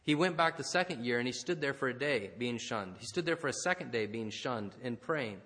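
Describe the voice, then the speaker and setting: A man's voice: medium pitch, expressive, fairly quick, fairly bright tone, big-room sound. A man preaching a sermon, telling stories in a conversational way with frequent asides. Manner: conversational, many asides and "right?" tags. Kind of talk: sermon with storytelling.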